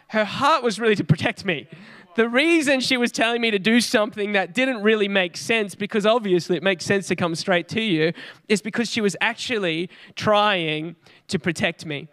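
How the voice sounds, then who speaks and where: With a high, somewhat bright voice at normal speed, the Australian preacher shares earnest, chatty stories in a conversational sermon, punctuated by frequent light laughs.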